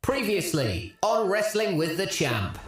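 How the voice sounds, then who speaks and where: Male podcast host, straight man to a comic partner; lively intonation. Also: sits high, measured pace, breathy edge, dry recording, clean studio sound, faint music behind. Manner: patient straight man, flustered when pressed. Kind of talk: scripted comedy podcast dialogue.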